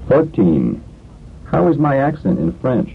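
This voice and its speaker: A man reading a scripted language drill slowly and deliberately, as a course instructor, on a tinny lo-fi lesson tape. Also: medium pitch, huge pitch swings, creaky, slightly rough.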